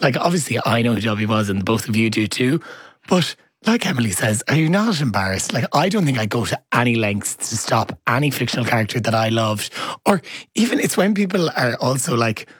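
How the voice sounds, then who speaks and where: Male podcast co-host, slightly husky, casual and halting, close dry sound. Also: medium pitch, lively intonation, no echo. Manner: rambling, hesitant, self-correcting. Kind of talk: casual chat.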